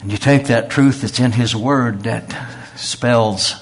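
A man's voice: medium pitch, slow pace. A man, preaching a sermon in a folksy storytelling way. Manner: folksy storytelling with quoted voices.

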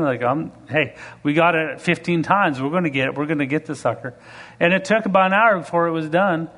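A man preacher delivering a sermon, telling stories and acting out the people in them, building to emphatic, rising passages. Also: fairly high pitch. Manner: animated, rising to emphatic preaching with acted-out quotes. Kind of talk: sermon with storytelling.

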